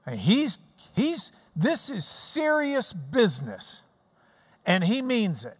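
A pastor preaching a sermon, telling stories and explaining scripture in an animated way and acting out the clapping. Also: medium pitch, slow pace, breathy edge. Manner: animated storytelling, mimics clapping. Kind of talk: sermon with Bible teaching. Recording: long hall reverb.

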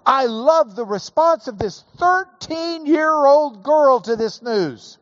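Slow, emphatic male preacher. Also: very high voice, lively intonation, fairly bright tone, no room sound, dull audio. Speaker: pastor. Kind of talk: sermon.

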